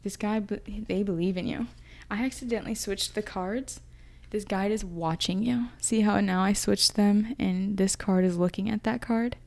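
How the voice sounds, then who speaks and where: A woman's voice: medium pitch, fairly even intonation, normal speed, darkish tone. A young woman giving a casual, chatty tarot reading, talking through her intuitions in an emotional, thinking-aloud way. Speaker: tarot reader.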